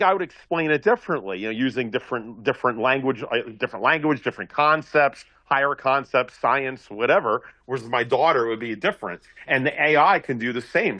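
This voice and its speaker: A man speaking as a guest commentator on a talk show, animated and thinking aloud, often repeating words. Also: mid-range voice, no room sound. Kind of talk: casual political talk show chat.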